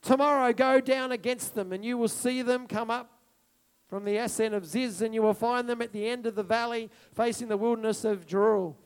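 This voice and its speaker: A man preaching a sermon, moving between quiet reflection and loud, repeated declarations. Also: high-pitched, steady tone, brisk, clean tone. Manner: impassioned, swinging from soft to loud declarations; repeats phrases for emphasis.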